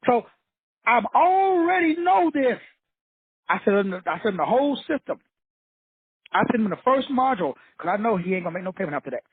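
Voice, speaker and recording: Husky high-voiced man preaching bluntly. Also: big pitch swings, normal speed, long pauses. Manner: preachy, blunt and profane, repeats points for emphasis. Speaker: motivational teacher. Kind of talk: fiery motivational lecture. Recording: tinny phone-like dry sound.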